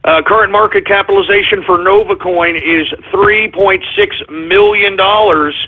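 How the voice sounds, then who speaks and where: Male radio host, high husky voice, excitable and flustered, tinny phone-like audio. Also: moderate pace. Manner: excitable, flustered, repeats apologies. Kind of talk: call-in radio monologue.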